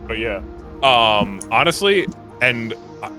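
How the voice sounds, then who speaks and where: A relaxed man chats with friends on a stream, his mid-pitched voice easy and reflective. Clear background music sits behind his speech. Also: slow. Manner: relaxed, reflective, drops into a low voice. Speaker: streamer guest. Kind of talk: casual chat while gaming.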